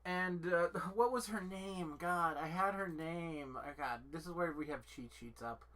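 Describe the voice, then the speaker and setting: A woman with a bright, forceful voice, pitched a little low for a woman, rambling loosely in casual channel chat. She swears freely, trails off and restarts her sentences, and piles on filler likes as she goes. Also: a little slow. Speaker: channel host. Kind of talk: casual rambling game talk.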